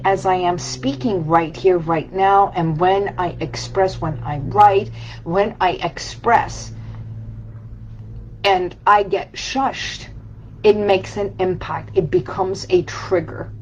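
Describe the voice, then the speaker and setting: A woman's voice: medium pitch, dull audio, a little hiss or hum. A woman coach giving a reflective, emotional personal talk about letting go, speaking in short repeated phrases. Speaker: healing coach.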